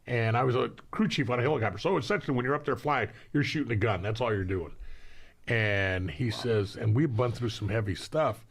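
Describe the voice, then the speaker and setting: Older veteran, gravelly voice, reflective and laughing storyteller. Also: male voice, medium pitch, fairly quick. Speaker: podcast guest, veteran. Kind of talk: casual storytelling.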